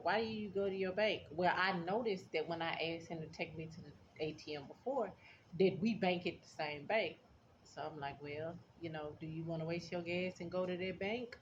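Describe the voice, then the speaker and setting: A woman telling a casual storytime to her viewers, blunt and sassy, laughing often as she talks. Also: on the low side. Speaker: vlogger. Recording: dull lo-fi sound with faint background noise.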